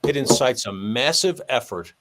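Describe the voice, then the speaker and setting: A man tells a story from his police days, mid-pitched and conversational. He acts out the dialogue and shifts his voice for each person he quotes. The delivery stays animated but unhurried. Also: a little hiss or hum. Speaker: retired police sergeant telling a story.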